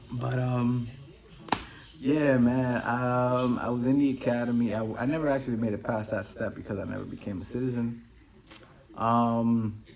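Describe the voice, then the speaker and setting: This podcast host has a gravelly, mid-range voice that's slightly mellow. Alone at the mic, he rambles casually through profane stories.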